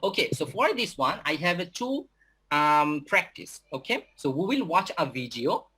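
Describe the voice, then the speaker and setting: A young man with a Bangladeshi accent, an English teacher giving a talk to students, halting with many fillers and restarts. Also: on the high side, big pitch swings, bright, forceful tone, slightly rough.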